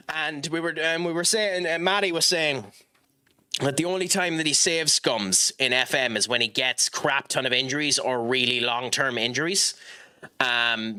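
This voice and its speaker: A man streaming a football management game, chatting with viewers in a rambling way and reacting loudly to the match. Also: medium pitch. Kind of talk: live gaming stream chat and match commentary.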